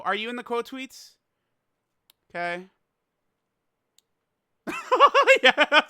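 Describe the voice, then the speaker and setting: A man's voice: high-pitched, pushed and bright, no room sound, studio quality. A young man giving casual reaction commentary as a gaming YouTuber, exasperated and laughing, rambling with stammered restarts.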